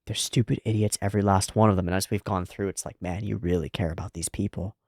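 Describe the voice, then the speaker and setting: A man with a fairly low voice talks through an anime episode in loose, reflective commentary. He thinks aloud and leans on "like" as he works out his points. The recording is dry and close, with no room sound. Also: steady tone, fast talker, a little mellow, no echo. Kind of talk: casual analytical commentary.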